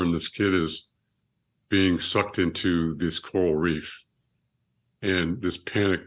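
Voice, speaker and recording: A man's voice: deep voice, a bit bright. A middle-aged man, a surgeon and author, telling personal stories as a podcast guest in an earnest, reflective way with frequent restarts. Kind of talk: conversational storytelling.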